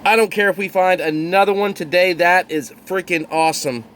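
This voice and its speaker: A man's voice: high-pitched, fairly quick, a bit bright, a little hiss or hum. Thrilled man narrating coin finds. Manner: thrilled, exclamatory, addresses viewers as y'all. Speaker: coin roll hunter. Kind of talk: excited hobby video narration.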